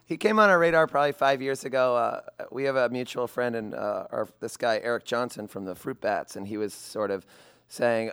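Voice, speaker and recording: A man who plays in a band, a guest in a radio studio, telling stories in a relaxed way and laughing often. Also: medium pitch, moderate pace, smooth, dry recording. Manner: relaxed storyteller, quotes others, laughs often. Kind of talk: casual interview chat.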